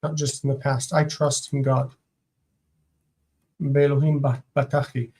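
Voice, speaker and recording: A teacher works through a live-streamed homework review, reading each Hebrew phrase and then translating it piece by piece. The pace is unhurried and deliberate, with long pauses between fragments. The voice sits at a middle pitch, and small slips get corrected as the lesson goes on. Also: little pitch movement, darkish tone, low-quality recording.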